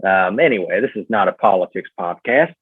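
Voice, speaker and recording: A man's voice: low voice, expressive, a little fast, breathy edge, no room sound. A man with a Southern US accent, a podcast guest talking in a rambling, casual way full of fillers and restarts. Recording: tinny phone-like line, dry.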